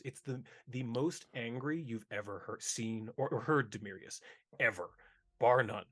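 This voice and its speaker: A man's voice: fairly low pitch, moderate pace. A man narrating loosely as game master of a tabletop game. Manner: loose, descriptive, with restarts.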